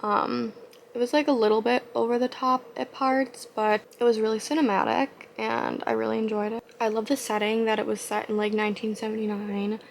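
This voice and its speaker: A woman's voice: a little high, fairly even intonation, brisk, vocal fry, slight background noise. A young woman vlogging in a chatty, rambling way, full of casual fillers. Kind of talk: casual vlog chat.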